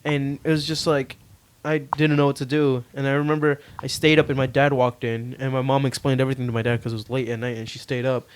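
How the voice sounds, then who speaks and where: A man's voice: mid-range voice, little pitch movement, fast talker, smooth. A young man on a podcast telling a story casually, laughing and swearing often. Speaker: podcast co-host.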